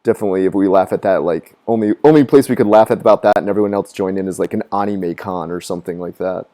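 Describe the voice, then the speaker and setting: A man on his live stream, chatting casually and rambling with a lot of swearing. He laughs at his own jokes and does high mocking voices of other people. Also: quick pace, warm tone. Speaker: gaming streamer. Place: living in Japan.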